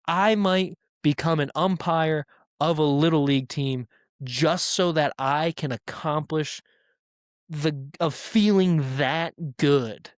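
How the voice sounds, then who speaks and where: A man hosting a comedy podcast, ranting in a crude, profane and animated way. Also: medium pitch, dry recording, clean studio sound. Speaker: podcast host. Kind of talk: casual comedic rant.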